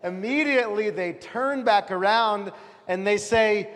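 A man's voice: sits high, unhurried, fairly bright tone. A man leading a children's Christmas nativity in a church, upbeat and coaxing the kids with stage cues. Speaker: leader of a children's nativity play. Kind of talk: guiding a church Christmas pageant. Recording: long hall reverb.

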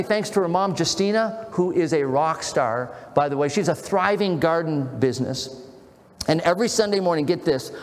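High-voiced pastor in a hall. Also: male voice. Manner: storytelling, animated and earnest. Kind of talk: sermon.

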